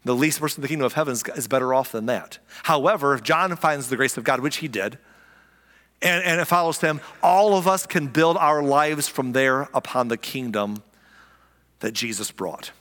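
A man preaching a sermon as pastor, animated and conversational, repeating key lines for emphasis. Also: mid-range voice, moderate pace, big-room sound.

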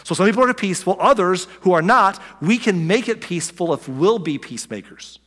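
A man's voice: high-pitched, animated, fairly quick, a bit bright, long reverb tail. A male pastor delivering a conversational sermon, full of asides, restarts and quoted voices.

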